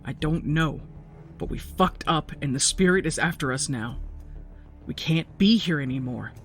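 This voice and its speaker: Woman doing a panicked shouting young man. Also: deep voice, normal speed, soft background music. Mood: urgent. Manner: shouting, urgent.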